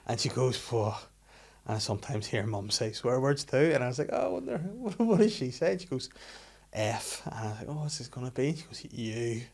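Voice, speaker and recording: A man's voice: mid-range voice, sing-song, brisk, gravelly, a little mellow. Man, 30s, podcast host; casual, laughing storyteller. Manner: storytelling, laughs often, swears freely. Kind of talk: casual chat.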